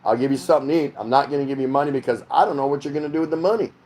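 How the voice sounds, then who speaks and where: A middle-aged man from the United States hosts a casual livestream from his home. He reads viewer comments aloud one after another and chats back with loose, rambling asides. His voice sits at an ordinary middle pitch. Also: racing, darkish tone. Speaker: livestream host. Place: home in the Philippines.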